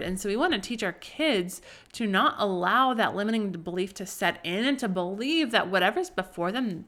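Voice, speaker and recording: A woman's voice: medium pitch, fairly bright tone. A woman in her thirties hosting a faith-based parenting talk, earnest and conversational, with frequent asides. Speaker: podcast host.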